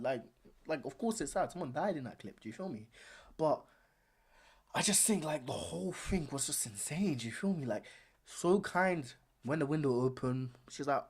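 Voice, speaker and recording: A man's voice: sits high, breathy edge. A man hosting a live stream, talking casually and animatedly, repeating himself with plenty of slang. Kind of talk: casual commentary.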